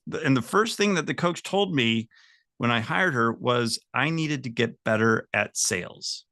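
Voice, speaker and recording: A man's voice: mid-range voice, creaky, pushed and bright, no room sound, clean studio sound. A man in his fifties, a sales coach, telling a personal story in a training talk, chuckling often and speaking straight to his audience.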